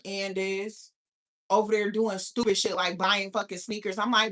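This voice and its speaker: A woman's voice: mid-range voice, level tone, moderate pace, a bit bright. A young woman from New York hosting a livestream, ranting casually with heavy profanity and talking back to her chat. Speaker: livestream host.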